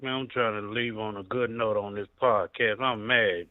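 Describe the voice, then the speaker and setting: A man's voice: lowish voice, fairly even intonation, moderate pace, no echo, phone-quality sound. A man calling into a casual podcast, grumbling and exasperated in his talk. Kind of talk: casual chat.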